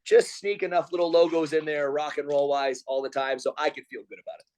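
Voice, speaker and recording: His voice sits a little high and his pace is quick. A guest on a video call, this man in his forties, a pro wrestler and comedian, tells stories with gusto and performs other people's quotes in raised voices.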